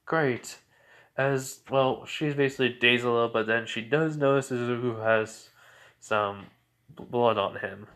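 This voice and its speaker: A man's voice: mid-range voice, fairly even intonation, moderate pace, a bit bright, smooth. A man casually narrating an improvised fan story, rambling with lots of fillers and restarts. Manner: rambling, full of fillers like "well" and "basically".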